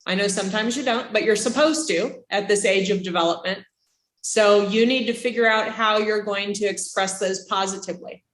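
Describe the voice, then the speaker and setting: A woman's voice: mid-range voice, normal speed. Chatty woman lecturing in an echoey classroom. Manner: lively, acts out reactions with gasps and voices. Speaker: child development instructor. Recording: roomy classroom echo.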